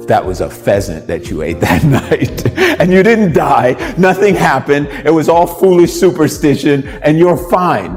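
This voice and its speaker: A man's voice: on the high side, big pitch swings, moderate pace, hardly any pauses, a little mellow, long reverb tail, faint music behind, pitched above the performer's own voice. A man voicing a wise, kindly but sly old village elder in a raised, reassuring tone. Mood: proud.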